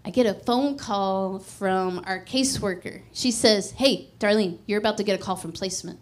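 Animated woman preaching her testimony. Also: medium pitch, moderate pace. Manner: animated storytelling, frequent laughter, acts out dialogue. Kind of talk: sermon with personal testimony.

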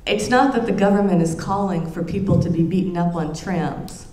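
A woman giving an academic lecture in an earnest, reflective way, often pausing and restarting her phrases. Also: on the low side, darkish tone. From United States. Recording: roomy lecture room with faint ambience.

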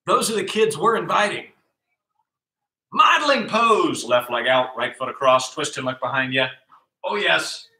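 A man leading a live kids' exercise class, calling out moves in an energetic, upbeat, nonstop patter while exercising along. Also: fairly high pitch, unhurried. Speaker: kids' PE coach. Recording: echoey room sound.

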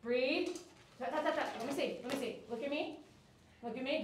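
A woman's voice: sits high, normal speed, pauses often, distant mic, slight background noise. A woman grooming a dog on a live stream, cooing praise and giving firm commands to the dog. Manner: soothing dog talk mixed with firm commands. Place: grooming salon. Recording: echoey room, mic set back.

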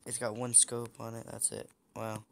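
A man's voice: mid-range voice, completely flat delivery, normal speed, gravelly, slight background noise. A young man giving casual, chatty commentary while playing a shooter game, teasing the other players. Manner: chatty, teasing opponents, frequent restarts. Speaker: gameplay streamer.

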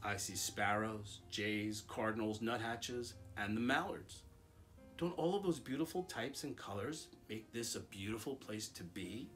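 A man reading aloud, voicing a gentle, wise school principal who speaks quietly and kindly. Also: on the low side, unhurried, soft background music. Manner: quiet, gentle and warm-hearted.

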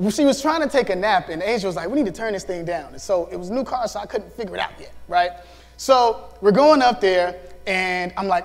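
A youth pastor delivers a sermon in an animated way, acting out the voices in his story and laughing often. His voice sits high for a man. Reverb from the hall trails each phrase. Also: a little fast.

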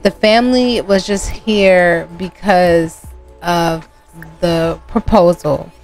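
A woman's voice: on the low side, steady tone, slow pace, darkish tone, faint music behind. Gushing young woman narrating gameplay. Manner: emotional, exclamatory, gushing. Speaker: gameplay host. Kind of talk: casual gameplay commentary.

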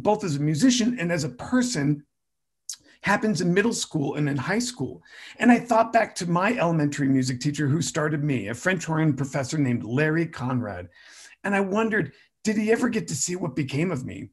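A man's voice: fairly high pitch, husky. A middle-aged man who speaks about music education, telling a story in a jokey way and acting out the quotes. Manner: animated, jokey, acts out quotes. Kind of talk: storytelling talk.

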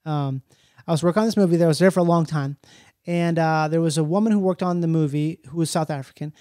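High-voiced man, joking podcast guest. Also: fast, mellow, no room sound, studio quality. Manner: joking, rambling storyteller. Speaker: comedian guest. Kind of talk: casual chat.

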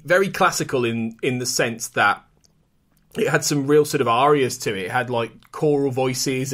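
A man's voice: medium pitch, a bit bright. Podcast guy, easygoing chat about a score, voice swings up and down a lot. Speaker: podcast co-host. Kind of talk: casual film music discussion.

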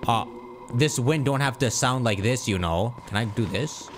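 A man giving casual, jokey let's-play commentary, talking to the game and shouting at it as he plays. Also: medium pitch, moderate pace, noisy background. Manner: excitable, jokey, yells at the game. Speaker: gaming streamer.

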